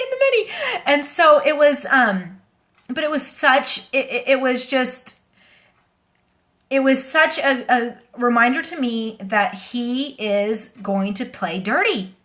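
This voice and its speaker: Brief: woman, slightly high voice, shaken livestream host, rambling and earnest, phone mic. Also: a bit bright. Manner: earnest, rambling, with many fillers and restarts. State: shaken and emotional. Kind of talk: casual livestream talk to viewers.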